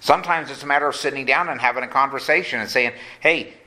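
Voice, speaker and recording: A pastor preaching a sermon. He is earnest and slows down to stress key points. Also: mid-range voice, sharp tone. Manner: earnest preaching, slows down for emphasis, acts out quoted voices.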